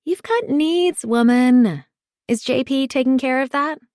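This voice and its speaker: A woman voicing a blunt, teasing female friend in an audiobook, talking frankly in a higher voice. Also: unhurried, a little mellow, no room sound, studio quality. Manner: frank, teasing, raised pitch.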